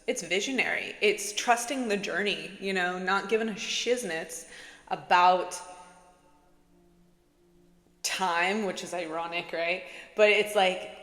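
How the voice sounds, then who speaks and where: Laid-back woman vlogger, lowish voice, rambling casual chat, recorded in a reverberant room. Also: slow pace, a bit bright. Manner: chatty, giggly, says "like" a lot. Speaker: spiritual vlogger. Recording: echoey room with long reverb.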